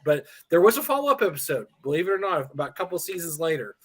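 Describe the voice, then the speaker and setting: A man in casual livestream chat, rambling through animated anecdotes and acting out the quotes. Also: fairly high pitch, fast, husky.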